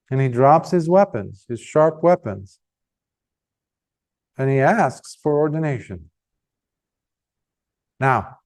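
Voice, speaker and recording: A man, a monk teacher, giving a dharma talk and telling a story with animated shifts of pace and emphasis. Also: fairly high pitch.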